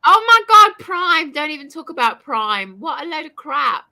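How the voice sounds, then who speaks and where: A woman's voice: sits high, sing-song, normal speed, pushed and bright, no echo. A woman hosting a casual late-night livestream, blunt and teasing, given to exclamations. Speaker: livestream host.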